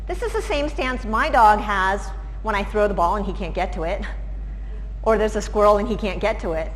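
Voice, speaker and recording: A woman's voice: mid-range voice, lively intonation, normal speed. A woman giving a presentation, explaining in a conversational way with examples. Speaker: lecturer. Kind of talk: presentation talk. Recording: reverberant hall, faint background noise.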